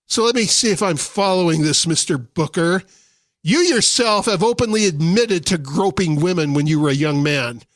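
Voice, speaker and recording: A man's voice: sits high, lively intonation, moderate pace, a bit bright, no echo. A man hosting a radio talk show, delivering a sarcastic, indignant political commentary monologue into a studio microphone.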